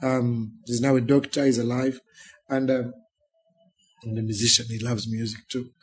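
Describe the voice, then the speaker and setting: A man's voice: medium pitch, level tone, normal speed, husky. A Ugandan man, a pastor in his thirties or forties, telling his life story as an interview guest and acting out the people in it. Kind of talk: emotional storytelling in a sit-down interview.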